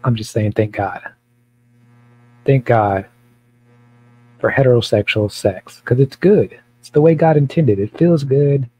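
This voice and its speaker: A man's voice: mid-range voice, unhurried, long pauses, mellow, husky, low-quality recording. A man who is a pastor, talking in a blunt, provocative, rambling way with many repeats during a casual Bible study.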